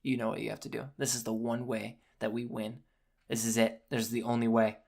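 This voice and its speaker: A man voicing a grave male sorcerer in a hushed, solemn tone, reenacting a movie scene on a podcast. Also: mid-range voice, little pitch movement, brisk, vocal fry, pitched below the performer's own voice.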